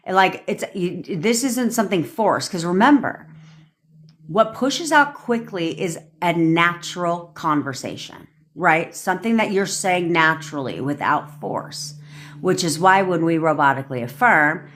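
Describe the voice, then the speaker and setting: Low-voiced woman ranting casually on a livestream. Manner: blunt, profane and cocky, laughs at herself. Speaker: manifestation coach. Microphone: phone.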